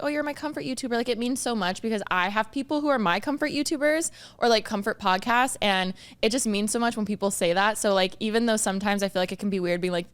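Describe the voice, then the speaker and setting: A woman's voice: mid-range voice, a bit bright, clean tone. A young woman co-hosting a podcast, chatting casually and animatedly, full of "like" fillers. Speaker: podcast co-host. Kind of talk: casual chat.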